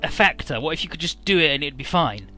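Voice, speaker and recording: A man's voice: fairly high pitch, animated, fast talker, pushed and bright, faint music behind. A man voicing a confused, gloomy teenage boy pilot in a game recap, musing aloud. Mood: puzzled. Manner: puzzled, musing.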